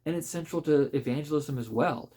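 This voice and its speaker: A man, a pastor, reviewing a book in a relaxed spoken way, thoughtful and conversational, with frequent fillers and restarts. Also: on the high side, fairly quick, husky.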